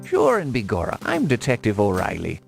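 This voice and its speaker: An actor playing a condescending Irish police detective in an adventure game, with a gravelly, patronizing brogue. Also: male voice, lowish voice, huge pitch swings, a little fast, heavily acted. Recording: game audio with music behind.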